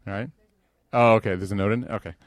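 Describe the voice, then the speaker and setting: A man's voice: fairly low pitch, steady tone, fast, no echo, studio quality. A man giving an informal sermon at a religious gathering, talking conversationally with joking asides and growing emotional over scripture.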